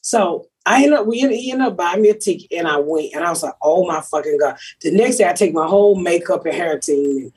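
Raspy, brash, profane woman storyteller. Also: lowish voice, fairly quick, few pauses. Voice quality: very rough, raspy voice. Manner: brash, profane storytelling with big animated quotes. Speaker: comedian and podcast host. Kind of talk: casual chat.

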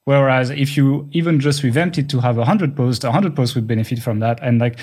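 Fast-talking Frenchman explaining things. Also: mid-range voice, darkish tone, breathy edge. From France. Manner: rapid talker who explains at length. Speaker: podcast co-host. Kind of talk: casual podcast chat.

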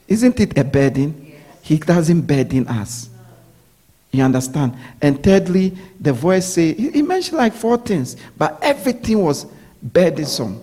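A man's voice: on the high side, dark tone. A man preaching a sermon, repeating his points and often asking his listeners whether they follow. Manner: repetitive preaching, checks in with listeners.

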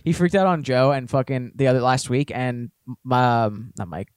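A young male podcast co-host tells a story in casual chat, animatedly acting out the people in it. His mid-range voice moves at normal speed with a clean tone and clean studio sound, no room echo.

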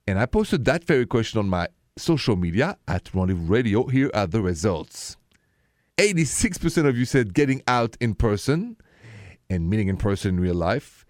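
A man with a French accent hosts a radio advice show and speaks frank and emphatic. His voice sits at a middle pitch. The sound is close and dry. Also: very animated, normal speed, darkish tone, no room sound. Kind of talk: call-in relationship advice.

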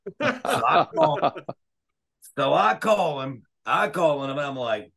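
A man telling wrestling stories in a casual, profane and animated way. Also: a little high, takes it slowly, vocal fry, husky. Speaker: wrestling referee guest. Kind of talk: casual storytelling.

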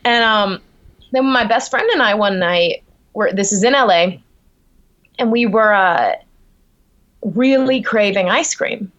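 A woman's voice: medium pitch, measured pace, long pauses. Chatty young woman telling a story. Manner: animated, lots of likes and ums. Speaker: guest. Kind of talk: casual storytelling. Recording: dull lo-fi sound.

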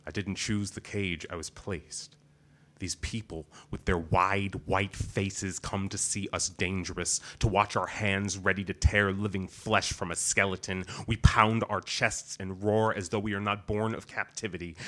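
A man voicing a weary, defiant caged male gorilla in a spoken-word poem, slow and grave. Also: lowish voice, steady tone, bright, forceful tone. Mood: grim.

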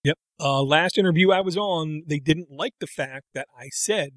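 A man's voice: a little high, fairly quick, few pauses, a bit bright, no echo. A middle-aged man co-hosting a casual chat, rambling and breaking off into tangents. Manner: rambling, self-interrupting, tangents. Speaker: podcast co-host.

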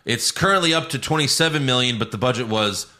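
A man's voice: mid-range voice, fast, bright, forceful tone. A man co-hosting a podcast, reading out entertainment news with wry, sardonic asides and casual chat.

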